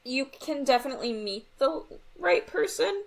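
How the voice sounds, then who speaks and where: A young woman co-hosting a podcast in casual chat, bubbly and teasing and quick to laugh. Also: sits high, lively intonation, vocal fry. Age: young adult. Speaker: podcast co-host.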